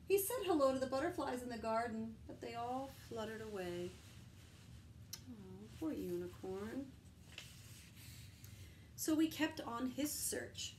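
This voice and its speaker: Gentle teacher reading to children. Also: female voice, fairly high pitch, expressive, unhurried, long pauses, slight background noise, rough recording. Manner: gentle, asks children questions. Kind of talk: storybook read-aloud for children.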